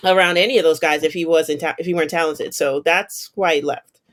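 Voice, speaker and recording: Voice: mid-range voice, fairly even intonation, a little fast, fairly bright tone. An American podcast co-host chatting easily about music history, often agreeing and adding points. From United States. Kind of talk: casual podcast chat.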